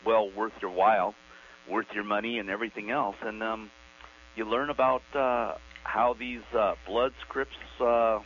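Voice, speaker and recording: A man's voice: lowish voice, fairly even intonation, measured pace, a bit bright. A man from Los Angeles calling in to a radio show, chatting in a rambling, friendly way. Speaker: caller. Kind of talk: phone-in chat on a radio show. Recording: muffled phone line with hum.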